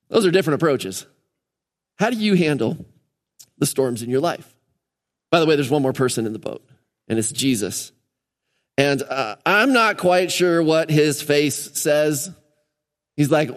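A man's voice: a little high, animated, moderate pace, long pauses. Guy pastor chatting thru a sermon, acts out little voices, big reverby church. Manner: conversational, acts out quoted voices. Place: church sanctuary. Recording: long church hall reverb.

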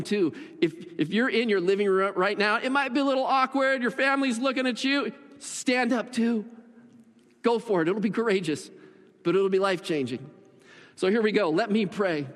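Earnest high-voiced pastor in a hall. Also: male voice. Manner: earnest, pleading, slows down in prayer. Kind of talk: sermon altar call and prayer. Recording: long hall reverb.

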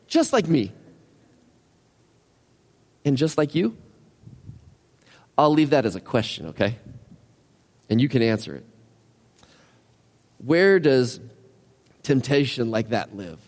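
A man preaching a sermon as a pastor, conversational and animated, full of rhetorical questions and acted-out asides. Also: medium pitch. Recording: long hall reverb.

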